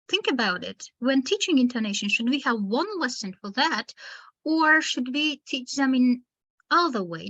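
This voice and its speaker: Woman teacher trainer, slightly high voice, explanatory webinar delivery over a dull video-call line. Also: a bit bright. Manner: explanatory, addresses listeners as dear teachers. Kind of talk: online webinar lecture.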